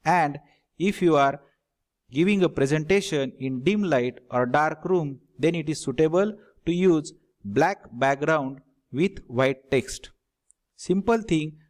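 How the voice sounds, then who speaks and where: A middle-aged man delivers a recorded slide lecture. His voice sits a little higher than most men's, and he talks directly to viewers with a steady, instructive manner. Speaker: teacher trainer.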